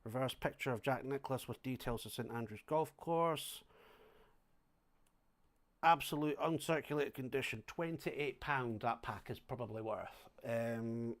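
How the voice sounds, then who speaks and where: A man's voice: mid-range voice, measured pace. Chatty Scottish man sorting banknotes. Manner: chatty, thinks aloud while sorting notes, sudden loud exclamations. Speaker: coin and banknote collector livestreaming. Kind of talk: casual livestream chat. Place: home flat indoors.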